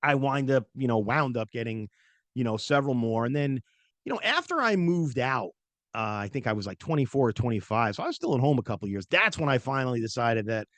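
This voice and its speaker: On his podcast, a middle-aged host tells a personal story fairly quickly in a mid-range voice, chatty and full of fillers. He animatedly performs the voices of people he quotes, and the recording carries no room sound.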